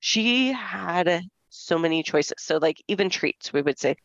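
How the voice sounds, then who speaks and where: A woman in her forties co-hosting a podcast, telling stories in a casual, lively way and acting out the voices of the people she quotes. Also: on the low side, unhurried, gravelly, no echo. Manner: lively storyteller who acts out quoted voices. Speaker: podcast co-host. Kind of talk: casual chat. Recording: dull, dry lo-fi podcast audio.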